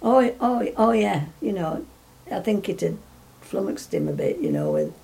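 A warm, creaky voice in the mid range swings hugely in pitch as an older woman, interviewed at a normal speed, reminisces. She rambles through her story, full of restarts, laughing along as she talks.

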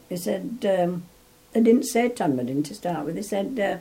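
With a fairly low pitch, a warm tone, and lively intonation, an older woman tells a story from memory at a moderate pace. She's being interviewed, and her reminiscing rambles, restarts often, and is punctuated by chuckles.

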